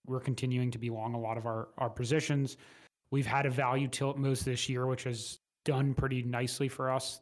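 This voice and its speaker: Flat-voiced male investment guest. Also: medium pitch. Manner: measured, hesitant with fillers and restarts. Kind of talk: casual finance interview.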